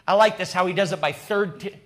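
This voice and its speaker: A pastor preaches a sermon at a quick pace, recounting the story dramatically with swings from a low hush to loud bursts. Often laughing, he speaks right to the congregation.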